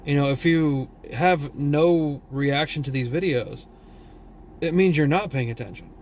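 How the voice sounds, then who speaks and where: A man's voice: fairly high pitch, a little slow, a little mellow, a little hiss or hum. A tired man from Texas with a Southern drawl, vlogging a blunt, profane, rambling rant. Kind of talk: casual opinion rant.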